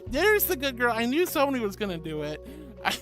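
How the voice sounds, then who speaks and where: A woman's voice: a little high, very animated, fairly quick, fairly bright tone, faint music behind. A woman streamer chatting casually and reading her chat aloud, playful and teasing, with mock protests. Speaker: VTuber streamer.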